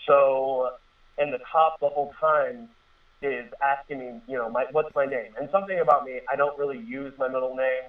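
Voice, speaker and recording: This thirtysomething man speaks at a normal speed in a mid-range voice with fairly even intonation. Casual and earnest, he rambles through a personal story, full of fillers and restarts, over a tinny, faraway phone-line radio sound.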